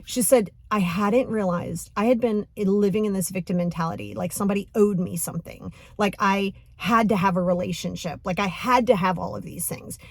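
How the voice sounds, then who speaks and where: A woman coach talks through her podcast in a loose, animated way, slipping into quoted voices and laughing as she goes. Her voice sits at an ordinary middle pitch for a woman. The recording is dry and close, with no room sound. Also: brisk, hardly any pauses, no echo. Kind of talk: casual podcast monologue.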